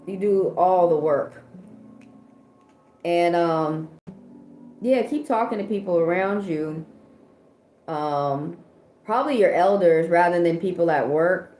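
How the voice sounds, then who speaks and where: A woman's voice: fairly low pitch, slow pace, long pauses, a little mellow. American woman, livestream tarot host, blunt and salty, echoey room, music underneath. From United States. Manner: blunt, profane, rambling advice. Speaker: tarot reader hosting a livestream. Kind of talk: casual livestream chat.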